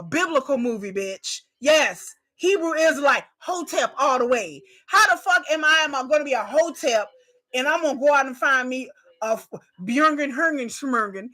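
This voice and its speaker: A woman with a high, bright voice rants on a live reaction stream. She swears nonstop and hammers lines home by repeating them. Her pitch swings wildly, and she keeps cracking up mid-rant. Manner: swears constantly, breaks into laughter, repeats lines for emphasis. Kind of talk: profane comedic rant.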